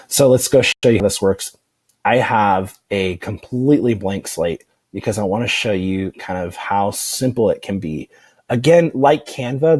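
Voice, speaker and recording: Walking viewers through software on a screen recording, this male online marketing instructor sounds easygoing and wandering, with lots of "um"s and restarted sentences. He has a low, husky voice captured in a close, dry recording.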